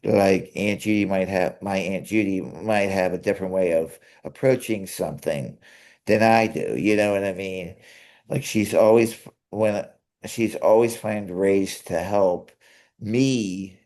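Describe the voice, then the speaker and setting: A young man co-hosting a casual chat, earnest and halting, often restarting his sentences. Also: sits low, a little mellow. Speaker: co-host.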